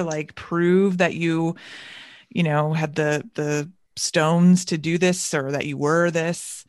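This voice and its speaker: A woman's voice: lowish voice, no echo, studio quality. A woman hosting an interview, asking long, probing questions. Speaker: interviewer host. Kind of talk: conversational interview.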